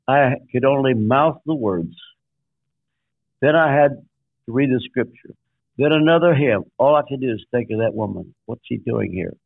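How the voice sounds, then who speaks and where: With a gravelly, mid-range voice, an older guest pastor tells a sermon-style story, driving numbered points home and acting out quotations. The line is dry, with no echo, and has a tinny, phone-like quality.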